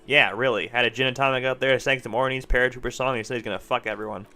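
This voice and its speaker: Guy putting on a loud snarly union thug, bright edgy voice, rattles along. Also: mid-range voice, steady tone, rapid-fire, faint music behind, close to an everyday voice. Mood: menacing. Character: hostile burly male union tough, menacing.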